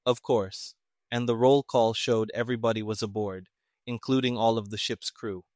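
A man's voice: mid-range voice, fairly even intonation, moderate pace, a little mellow, dry recording, close to an everyday voice. A man voicing a frustrated male army major who mutters his lines, in an audiobook reading. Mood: plain.

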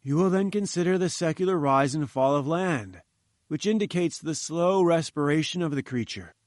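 A man's voice: a little high, expressive, moderate pace, a little mellow, dry recording, studio quality, voice pushed up, close to an everyday voice. A man voicing a pompous, patronizing older professor who lectures condescendingly in an audiobook reading. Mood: lecturing.

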